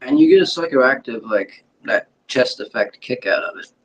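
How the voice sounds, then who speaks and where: A man's voice: mid-range voice, animated, moderate pace. A man casually reviewing cannabis at home, laid-back and rambling, hedging what he remembers. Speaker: cannabis vlogger. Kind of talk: casual product review chat. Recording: distant, dull home recording with faint noise.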